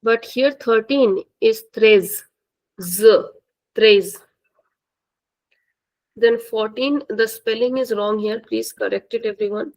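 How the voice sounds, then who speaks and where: Woman, language teacher, slow deliberate pace, slightly high voice, patient repetition. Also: darkish tone, rough recording. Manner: careful, repeats words slowly for students. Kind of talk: classroom-style language lesson.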